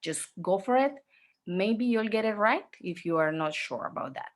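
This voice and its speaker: A woman with a mid-range voice leads an online exam-prep lesson. She speaks slowly and repeats key points. She keeps checking in with her students by asking "okay?". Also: mid-range voice, expressive. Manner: slow, repetitive, checks in with "okay?". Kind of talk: online class lecture.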